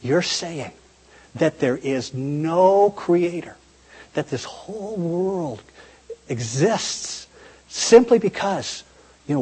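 A man's voice: fairly high pitch, darkish tone, breathy edge, long reverb tail. A man preaching a sermon in a conversational, emphatic way, often posing rhetorical questions.

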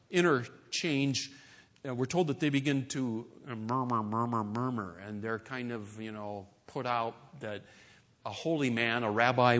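Lively, animated male preacher. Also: on the high side. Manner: animated, conversational, playful asides and mock voices. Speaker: pastor. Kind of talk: sermon.

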